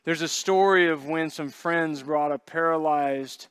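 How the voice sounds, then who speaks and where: A man's voice: fairly high pitch, a little slow, a bit bright, smooth, no echo. Conversational male pastor preaching a sermon. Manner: conversational, joking asides, acts out quoted voices.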